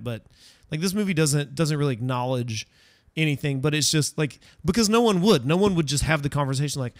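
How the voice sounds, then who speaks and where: A man's voice: a little high, brisk, dry recording, studio quality. A man hosting a casual horror-movie podcast, rambling and correcting himself as he searches for words. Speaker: podcast host. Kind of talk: casual film discussion.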